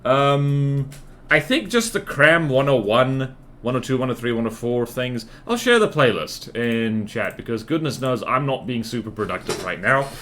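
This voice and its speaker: A man's voice: medium pitch, expressive, normal speed, a bit bright, a little hiss or hum. A man streaming a game live, chatting casually and rambling with lots of fillers and self-deprecating asides. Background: faint music and keyboard typing.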